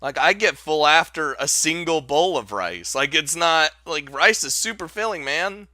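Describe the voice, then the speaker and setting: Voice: medium pitch, animated, normal speed, sharp tone, no room sound, studio quality. A game streamer reading visual novel narration aloud with jokey, crude asides. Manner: jokey, swearing, laughs at own asides. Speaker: let's play host.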